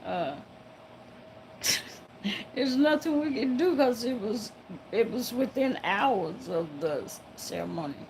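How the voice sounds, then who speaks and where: A woman telling a story to viewers in a halting, casual way, breaking into frequent laughter. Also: fairly high pitch, expressive, darkish tone, slight background noise, low-quality recording. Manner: laughs often, halting with many fillers.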